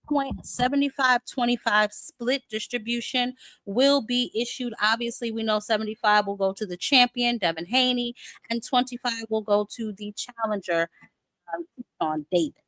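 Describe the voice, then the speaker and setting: A woman's voice: on the high side, measured pace, fairly bright tone, no echo, poor audio. A woman hosting a boxing talk show in a casual live-stream chat, sassy and chatty, calling viewers "honey" and "child" and greeting them by name.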